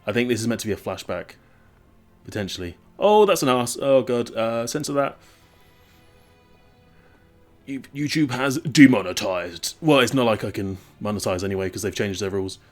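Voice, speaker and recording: A young English man with a southern English accent giving casual, rambling let's-play commentary, self-mocking and quick to swear. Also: fairly low pitch, expressive, faint music behind. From English Midlands. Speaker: gaming YouTuber.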